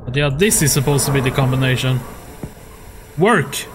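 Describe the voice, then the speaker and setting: A gaming YouTuber with a mid-range voice talks fast and flat over background noise while playing a horror game. His let's play commentary is full of swearing, and he laughs at his own frustration.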